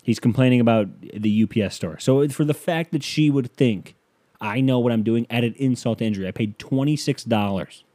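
A man's voice: mid-range voice, normal speed, mellow. A young man from Northeast Ohio hosting a solo podcast, ranting with sarcastic exasperation and the odd curse. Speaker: podcast host. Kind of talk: solo comedic podcast rant.

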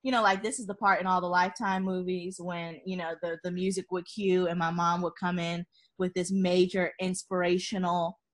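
A woman telling a personal story in a relaxed, chatty way. She is animated and expressive and laughs often between phrases. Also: lowish voice, normal speed. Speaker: guest. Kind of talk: casual conversational storytelling.

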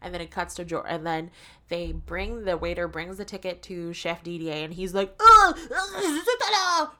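A woman's voice: fairly low pitch, moderate pace. A woman co-hosting a podcast, casually recapping a film scene by scene and acting out the characters' lines in mock voices. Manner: animated retelling, acts out lines in mock voices. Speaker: podcast co-host.

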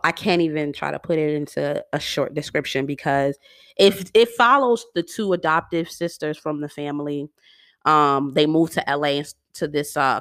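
Woman host, casual solo chat, animated and slangy, lower voice, dry close sound. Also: no room sound. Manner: animated, chatty, laughs often, slangy. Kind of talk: casual monologue.

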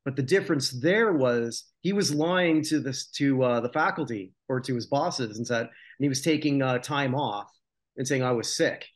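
At normal speed and in a mid-range voice, a man co-hosts a podcast, casually chatting about old TV. The conversation is rambling and jokey, with plenty of restarts and self-corrections.

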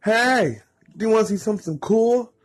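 A man voicing an excitable, cocky teenage boy who yells when he is thrilled, with a husky edge to his voice. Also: fairly high pitch, a little slow, soft background music, voice pushed up, exaggerated voice. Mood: eager. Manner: loud, excited yelling.

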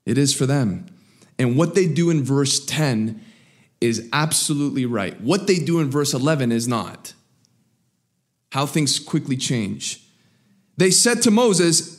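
A man preaching a sermon, swinging between raised, emphatic lines and low, quiet asides. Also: animated, measured pace. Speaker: pastor.

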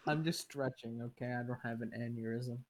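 A man's voice: medium pitch, steady tone, a little fast, a little hiss or hum, low-quality recording. A young man on a podcast making mock-serious announcements and teasing questions. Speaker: podcast co-host. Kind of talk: joking podcast banter.

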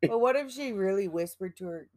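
A woman co-hosting a casual podcast who speaks in a dry, matter-of-fact way, often quietly. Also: medium pitch, expressive, fairly quick, dry recording. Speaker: podcast co-host. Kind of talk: casual chat.

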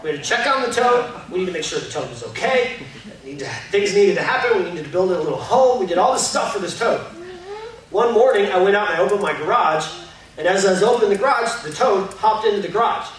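High-voiced pastor in an echoey hall. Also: male voice, lively intonation, fast. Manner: candid, self-deprecating, chatty with many fillers. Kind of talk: casual conversational sermon. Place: church auditorium. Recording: very echoey hall, voice from far off, faint noise.

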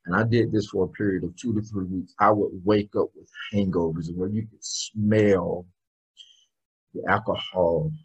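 Guest interviewee: middle-aged man, motivational speaker, very raspy voice, fairly low, earnest storyteller. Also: fairly even intonation, normal speed, a little mellow, highs cut off. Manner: emphatic, earnest storytelling with bursts of laughter.

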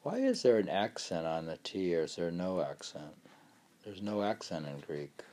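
A man's voice: sits low, sing-song, normal speed, warm tone, slight background noise. A man reading a philosophy text aloud and chatting, stumbling over Greek names. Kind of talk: reading aloud and casual chat.

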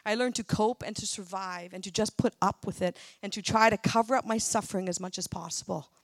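A woman's voice: mid-range voice, steady tone, brisk, no room sound. A middle-aged woman sharing a personal testimony at church, earnest and emotional. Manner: earnest, emotional, tearful at times. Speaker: church speaker.

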